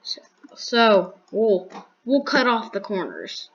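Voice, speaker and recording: Slow, dry-humored woman thinking aloud. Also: medium pitch, wildly swooping pitch, a bit bright, highs cut off. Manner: unhurried, thinking aloud with restarts and counting. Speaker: gaming video creator. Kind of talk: casual Minecraft build commentary.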